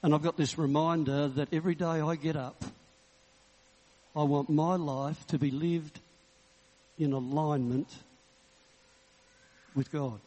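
A man in his sixties, a Baptist minister, preaching in a relaxed, humorous storytelling way. His voice sits a little high for a man. The sound rings with the long reverb of a church hall. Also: unhurried, long pauses. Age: 60s. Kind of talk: sermon with personal story and prayer.

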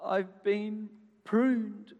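A man's voice: very high-pitched, takes it slowly, a bit bright, voice pushed up, heavily acted. Man putting on a wailing little grape branch. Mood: wounded. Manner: wailing, overacted cries. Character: melodramatic young male grape branch, easily wounded. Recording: echoey hall.

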